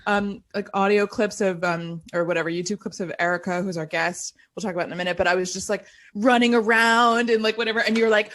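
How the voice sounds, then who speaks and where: A woman's voice: medium pitch, steady tone, quick pace, few pauses, fairly bright tone. A woman co-hosting a podcast in casual chat, chatty and self-mocking, laughing often. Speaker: podcast co-host.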